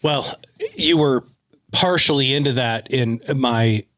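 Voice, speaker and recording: A man hosting a podcast interview, talking in an animated way with quick, opinionated asides. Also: medium pitch, no room sound, clean studio sound. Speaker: podcast host. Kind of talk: conversational interview.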